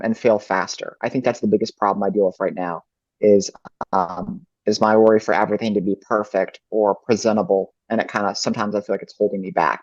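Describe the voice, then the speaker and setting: Male ventriloquist guest, lowish voice, thoughtful, in a dry, muffled recording. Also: a little mellow, no echo. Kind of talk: casual interview answers.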